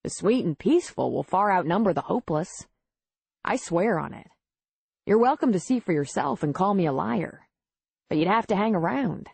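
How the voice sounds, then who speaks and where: A woman voicing a steady, plainspoken small-town bar owner in an audiobook. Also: lowish voice, moderate pace, vocal fry, husky, no room sound, exaggerated voice. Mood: reassuring. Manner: calm, matter-of-fact.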